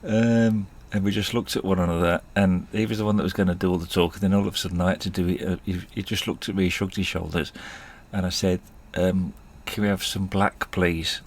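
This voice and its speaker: Deep gravelly man telling stories. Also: level tone, quick pace, hardly any pauses. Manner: rambling, chuckling, self-deprecating. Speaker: podcast host. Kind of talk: casual storytelling monologue.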